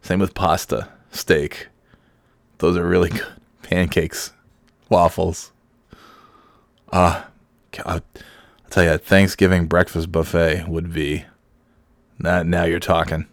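A man's voice: low voice, level tone, slow, long pauses, dry recording, studio quality. A middle-aged man hosting a solo podcast from home, sick and half awake, holding back coughs and rambling with self-mocking chuckles. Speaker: podcast host. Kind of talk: casual solo podcast monologue. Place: home with kids heard in the background.

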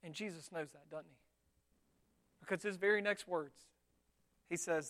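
A man's voice: a little high, moderate pace, long pauses. A man preaching a sermon as pastor, talking conversationally and often checking in with his listeners with rhetorical tags. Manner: conversational, with frequent rhetorical tags and animated retellings.

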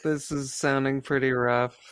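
A young adult man co-hosting a podcast, chatting casually with quick teasing quips. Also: mid-range voice, flat delivery, fairly bright tone, clear, resonant tone. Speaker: podcast co-host. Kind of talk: casual chat.

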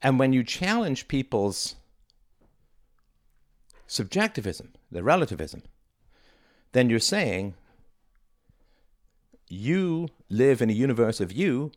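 A man's voice: mid-range voice, big pitch swings, unhurried, pauses often, no echo, clean studio sound. A middle-aged man, hosting his own show, talking through ideas in a reflective, conversational and sometimes emphatic way. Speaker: podcast host. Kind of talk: solo monologue.

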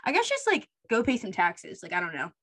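A woman's voice: mid-range voice, huge pitch swings, fairly quick, pushed and bright. A young woman co-hosting a podcast, rambling and ranting in casual chat, often acting out quoted voices. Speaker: podcast co-host.

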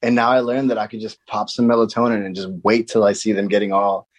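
A man in his thirties chatting casually about his young kids, laid-back and quick to laugh. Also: lowish voice, level tone. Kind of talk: casual chat.

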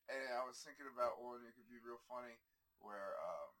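A man co-hosting a comedy podcast, telling a rambling story in casual chat, halting with fillers and chuckling as he goes. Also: medium pitch, animated, sharp tone.

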